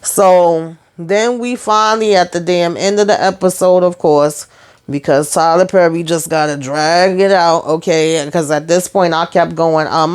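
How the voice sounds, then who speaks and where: A young woman recaps a TV episode in a loose, sassy way, full of asides and animated retelling. Her voice is smooth and clean, pitched a little low for a woman. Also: a little slow. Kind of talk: casual TV recap.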